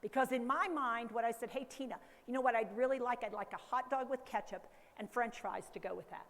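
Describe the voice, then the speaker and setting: A woman educator walks a conference audience through a hands-on exercise, coaxing them along in a lively way. Her voice sits a bit high. The sound carries a long reverb from a large hall. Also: fairly quick. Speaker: dementia care educator. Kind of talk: conference workshop talk.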